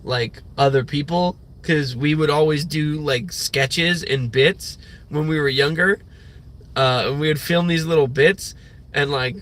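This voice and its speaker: A man's voice: on the high side, unhurried, fairly bright tone. A young man streaming a rambling morning rant, full of fillers and swearing. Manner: rambling, profane, filler-heavy. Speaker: livestreamer.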